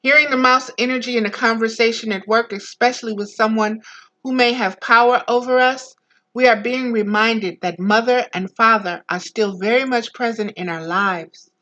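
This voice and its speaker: A woman reading a book aloud as a spiritual teacher, slow and deliberate, breaking off into soft, low personal asides. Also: highs cut off.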